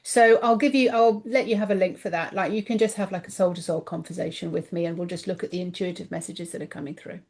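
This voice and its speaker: A woman guest on a podcast, chatting casually about her coaching work, animated and acting out the voices she quotes, her voice getting a little tired. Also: lowish voice, quick pace, few pauses. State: voice tiring, clears throat. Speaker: guest, intuitive coach and author.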